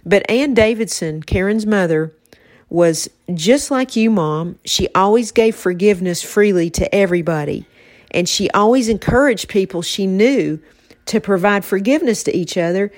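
A woman hosting a faith-based podcast, talking in a soft, reflective way with her mother. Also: mid-range voice, moderate pace, no room sound, clean studio sound. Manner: soft-spoken, reflective, emotional at times. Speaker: podcast host.

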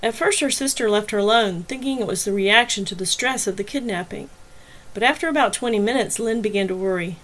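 A woman reads a novel chapter aloud in even, measured storytelling. Her pitch sits in the middle range for a woman. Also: low-quality recording. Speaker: audiobook narrator and podcast host. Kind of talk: scripted novel reading.

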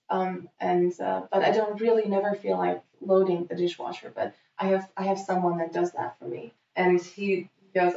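A young woman tells a story in an easy, chatty way, animated and quick to swear as she plays out each quote. The recording is muffled and roomy. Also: mid-range voice, vocal fry. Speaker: guest telling a story. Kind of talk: casual storytelling.

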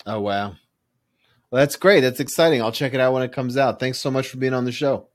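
A man hosting a podcast, thanking his guest and then reading a promo at a relaxed, even pace. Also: medium pitch, brisk. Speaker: podcast host. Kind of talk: interview hosting and read promo.

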